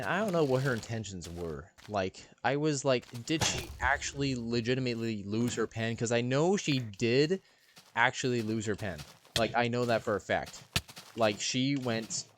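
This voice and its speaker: A man's voice: mid-range voice, lively intonation, normal speed. A man casually telling stories over gameplay commentary, rambling and playful, in a recording with background hiss. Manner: rambling, lots of fillers and restarts, playful. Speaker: channel host.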